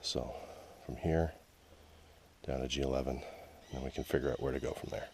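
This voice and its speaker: A Canadian-accented man with a rumbling low voice narrates his hike along a wooded trail to an action camera, wry and grumbling. His intonation is fairly even, his pace moderate, and there's background noise.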